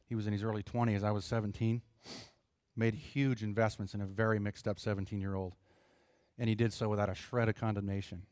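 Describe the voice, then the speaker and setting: A middle-aged man preaching a sermon in an earnest, conversational way, pausing for emphasis. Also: lowish voice, a little mellow, no echo, clean studio sound. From United States. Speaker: pastor.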